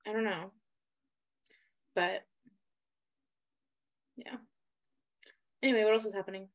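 A young adult woman co-hosting a casual podcast chat about musical theater, excitable and blunt, swearing casually. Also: mid-range voice, slow pace, dull audio. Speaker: podcast co-host.

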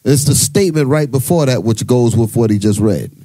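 Guy running bible study, bossy quizzing tone, mellow dark voice. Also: mid-range voice, brisk, dry recording. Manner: quizzing, commanding. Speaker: church leader.

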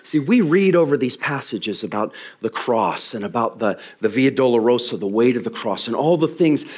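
A man in his fifties delivers a sermon from a church stage. He is animated and conversational, acting out voices of the people he tells about. His voice sits at an ordinary middle pitch. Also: moderate pace, husky. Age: 50s. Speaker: pastor.

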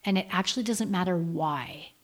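A middle-aged woman with a fairly low voice talks at a moderate pace as a guest in a candid podcast conversation. She tells her story frankly, acting out quotes as she goes.

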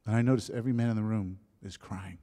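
A man's voice: fairly low pitch, fairly even intonation, fast. Man preaching a testimony in a reverberant hall. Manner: storytelling, drops to soft whispers at emotional moments. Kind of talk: sermon testimony.

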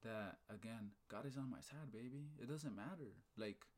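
A man's voice: medium pitch, moderate pace. A man in casual chat, telling a story with energy, asking "right?" and "okay?" often, with casual swearing and talk of faith. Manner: animated storyteller, fired up, repeats "right?" and "okay?".

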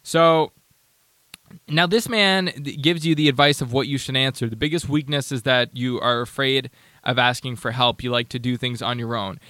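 A man's voice: mid-range voice, steady tone, normal speed, bright, forceful tone, no room sound. A man hosting a casual talk show, sarcastic and rambling, with many restarts. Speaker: podcast host. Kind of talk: casual commentary.

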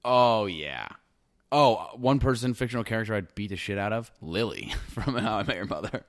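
A man's voice: fairly low pitch, fairly quick, no room sound, studio quality. A young man co-hosting a podcast, chatting casually, joking and laughing a lot. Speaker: podcast co-host. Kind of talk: casual chat.

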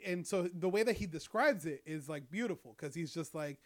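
A man's voice: a little high, animated, brisk, few pauses. Rambling young man swearing casually. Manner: rambling, profane, lots of fillers. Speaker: storyteller. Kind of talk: casual chat.

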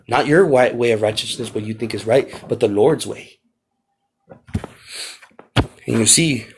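A man's voice: medium pitch, slight background noise. Impassioned male preacher. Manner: impassioned, rising to near shouts when reading scripture; repeats phrases for emphasis. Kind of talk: podcast sermon.

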